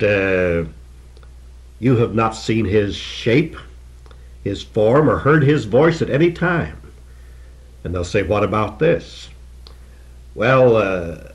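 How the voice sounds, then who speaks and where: Older male preacher, lowish voice, emphatic and earnest sermon delivery with slow stresses.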